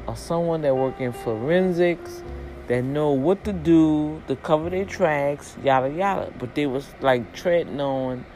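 A woman casually retelling a story, lively and expressive, acting out the people in it and dropping in religious asides. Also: poor audio. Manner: animated, acts out quoted voices with big pitch jumps.

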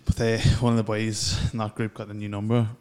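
Young man, monotone, dry delivery, faint hiss behind. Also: fairly low pitch, fairly quick. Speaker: podcast co-host. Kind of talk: casual chat, storytelling.

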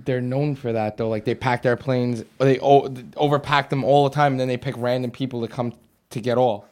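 A man's voice: mid-range voice, steady tone, fairly quick, a little mellow. A man who is a podcast guest, chatting casually and rambling a bit as if tipsy, cracking jokes. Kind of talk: casual chat.

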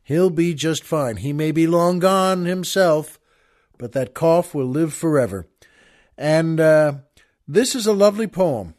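A man's voice: on the high side, expressive, unhurried, a little mellow. An older man hosting a podcast, telling a rambling, self-amused anecdote in a casual storytelling monologue and laughing along as he goes. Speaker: podcast host.

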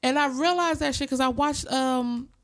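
A woman's voice: high voice, moderate pace. Woman telling stories with loose, swearing flair. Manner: animated storytelling, heavy swearing, acts out quoted voices. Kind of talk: casual chat.

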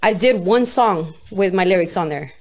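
A woman's voice: medium pitch, expressive, moderate pace, a little mellow. A woman rapper in a casual interview, talking loosely and candidly, often checking "you get me?", swearing and laughing easily. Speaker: rapper guest.

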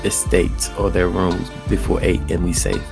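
A joking man with a lowish voice co-hosts a casual podcast, often slipping into quoted voices of other people. Music plays clearly behind the conversation. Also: expressive, normal speed. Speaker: podcast co-host. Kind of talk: casual chat.

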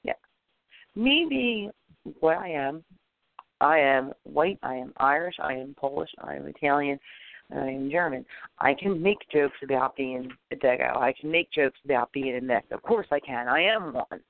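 A man hosting a podcast in casual chat, animated and opinionated, rambling with many restarts. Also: mid-range voice, moderate pace, vocal fry. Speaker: podcast host. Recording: tinny phone-like lo-fi audio, dry.

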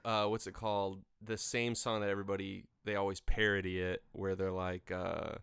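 A man co-hosting a podcast, relaxed and rambling, often trailing off while he searches for names. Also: deep voice, normal speed, vocal fry, clear, resonant tone, no echo. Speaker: podcast co-host. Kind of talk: casual chat. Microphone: studio mic.

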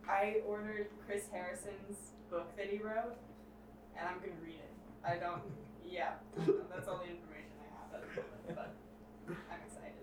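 A woman's voice: lowish voice, level tone, normal speed. A woman co-hosting a podcast, chatting casually with an enthusiastic, teasing manner. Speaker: podcast co-host. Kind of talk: casual chat. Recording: echoey room from far off with clear noise.

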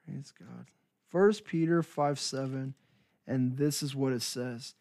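A man's voice: mid-range voice, slow, gravelly, darkish tone, no echo, clean studio sound. A man who works in ministry giving an earnest, encouraging devotional talk, repeating phrases for emphasis. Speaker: Christian minister.

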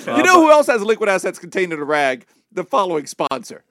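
A man co-hosting a comedy podcast, trading quick wisecracks. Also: sits high, gravelly, bright, forceful tone, dry recording. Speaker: co-host. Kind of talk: casual comedic podcast chat.

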